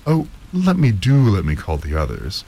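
A man voicing an excitable young woman in a high falsetto, gushing with delight. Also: normal speed, gravelly, exaggerated voice.

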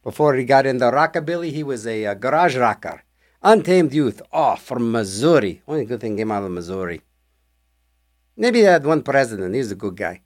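A man's voice: mid-range voice, big pitch swings, a little fast. A male radio DJ back-announcing songs in casual, rambling patter, jokey and full of restarts.

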